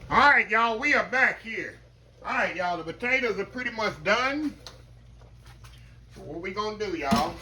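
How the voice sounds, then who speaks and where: A man's voice: on the high side, pushed and bright, slight background noise, rough recording. A man hosting a casual cooking demonstration in a kitchen, folksy and talking straight to his viewers, repeating his catchphrases. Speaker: cooking show host. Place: home kitchen.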